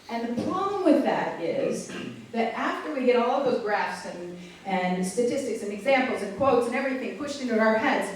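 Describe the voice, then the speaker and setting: A woman's voice: fairly high pitch, a little hiss or hum. A woman giving a live keynote speech to an audience, playful and chatty, often asking the room questions. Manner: animated, playful, chats with the audience. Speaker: keynote speaker. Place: large hall with an audience. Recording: echoey hall, mic far off.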